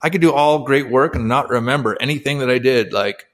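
A former athlete now working as a coach, this man in his forties speaks as an interview guest in a brisk, fairly bright mid-range voice. He tells his own story candidly and with emotion, using lots of fillers.

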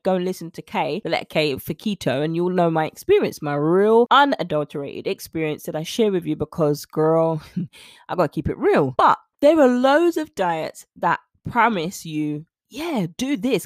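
A woman hosting a solo podcast, chatty and animated, acting out little scenes as she talks. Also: fairly low pitch, no echo, clean studio sound. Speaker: podcast host.

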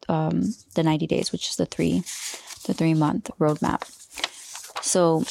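Gravelly low-voiced woman coaching. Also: darkish tone, no room sound, clean studio sound. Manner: loose, talks through restarts, drops into a whisper now and then. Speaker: podcast host and life coach. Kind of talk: solo podcast coaching talk.

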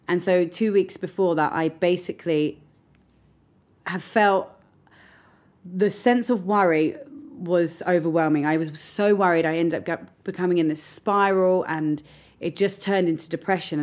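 A young adult woman telling a personal story as an interview guest, reflective and open, sometimes close to tears. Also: fairly low pitch. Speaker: guest recounting a hard period.

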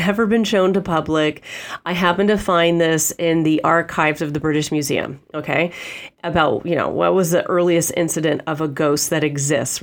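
A woman hosting a podcast, talking off the cuff in a chatty way with a nasal voice from a head cold, often checking in with "okay?". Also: fairly low pitch. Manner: chatty, frequent "okay?" check-ins, laughs easily. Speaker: podcast host. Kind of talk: off-the-cuff spiritual podcast monologue.

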